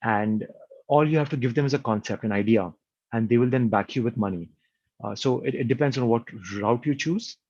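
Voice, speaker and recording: A man's voice: mid-range voice, a little fast, a little mellow, slightly rough, dry recording. A man, a company founder, explaining a business framework in an interview and firing off long strings of rhetorical questions. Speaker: entrepreneur guest. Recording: dull, muffled lo-fi sound.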